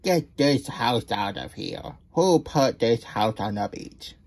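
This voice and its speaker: Stern contest judge, storybook, scolding, man voicing, dark, husky. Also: mid-range voice, animated, slow, heavily acted. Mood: bossy.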